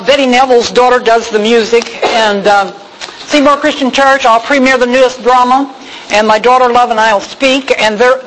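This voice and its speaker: A woman's voice: fairly high pitch, a bit bright, rough recording. A woman speaking at a women's church gathering, telling a personal faith story in an emotional, folksy way with many fillers. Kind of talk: personal testimony talk.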